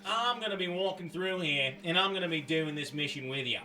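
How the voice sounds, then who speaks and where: A man's voice: on the high side, brisk, pushed and bright, soft background music. A man voicing a brash male dragonborn druid with a put-on Australian accent, crude and cocky.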